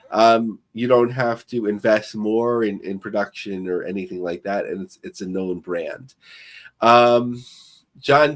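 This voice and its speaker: A man co-hosting a podcast, talking through business news in a loose, rambling way with many fillers. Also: fairly low pitch. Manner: rambling, filler-heavy and thinking aloud. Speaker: podcast co-host. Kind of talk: casual podcast commentary.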